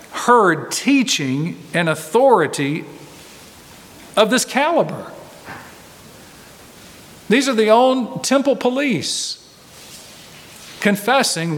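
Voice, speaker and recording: A man preaching in an earnest, emphatic way, leaning on repetition to drive each point. His voice sits a little higher than most men's. It rings with the long reverb of a large hall. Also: lively intonation, slow, long pauses, fairly bright tone. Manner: earnest, emphatic, repeats phrases for stress. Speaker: pastor. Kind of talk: expository sermon.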